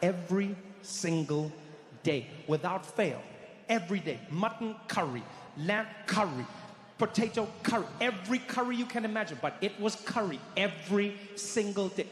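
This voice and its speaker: A man doing live stand-up, telling a story animatedly and acting out scenes, speeding up and slowing down for effect. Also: high-pitched, animated. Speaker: stand-up comedian. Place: theater stage before a live audience. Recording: hall reverb, faint ambience.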